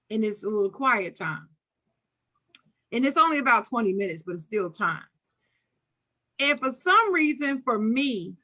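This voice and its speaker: Bright-voiced woman telling a story. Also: medium pitch. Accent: Philadelphia. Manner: animated, acts out quoted voices. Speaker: podcast co-host. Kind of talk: casual storytelling chat.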